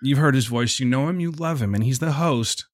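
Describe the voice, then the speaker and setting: A man's voice: medium pitch, brisk, no echo, studio quality. A man hosting a podcast in casual, joking chat with his guests. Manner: animated, jokey, playful radio-voice bits. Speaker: podcast host.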